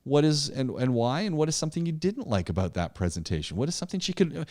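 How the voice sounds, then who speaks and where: A man's voice: a little high, sing-song, quick pace, warm tone. A man teaching a public speaking class, encouraging students and thinking aloud with many restarts. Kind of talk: interactive class discussion.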